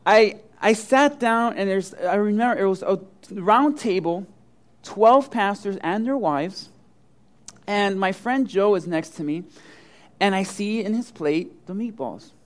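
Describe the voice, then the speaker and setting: A middle-aged male pastor preaching a sermon, telling funny personal stories and acting out the quotes with big swings in voice. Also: unhurried. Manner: animated storyteller, acts out quotes with big swings of pitch and loudness.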